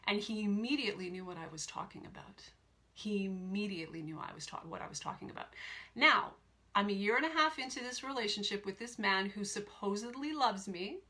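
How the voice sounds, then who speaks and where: A woman's voice: mid-range voice, brisk, pushed and bright. A woman life coach in her forties telling a personal story to her viewers, emphatic and repeating phrases for weight.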